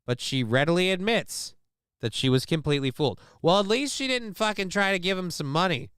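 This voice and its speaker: A man riffs through a news story in casual reaction commentary. His voice is smooth and crisp, recorded close and dry. His manner is crude and joking, full of swearing and rambling asides. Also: sits high, animated, a little fast, fairly bright tone, no room sound. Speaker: stream host reacting to a news clip.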